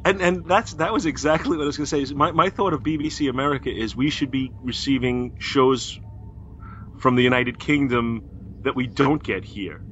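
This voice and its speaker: A man's voice: medium pitch, normal speed, a bit bright. A man hosting a podcast in casual chat, laughing often as he talks. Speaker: podcast host. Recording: dull lo-fi audio with faint hiss.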